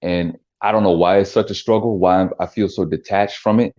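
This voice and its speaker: Low-voiced comedian man, muffled sound. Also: fairly quick. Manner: relaxed, reflective, talks things through with restarts. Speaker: comedian guest. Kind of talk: casual interview chat.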